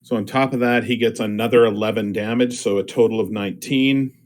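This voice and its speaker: A man playing a tabletop game online, calmly spelling out his moves one step at a time. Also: fairly low pitch, a little fast. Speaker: player.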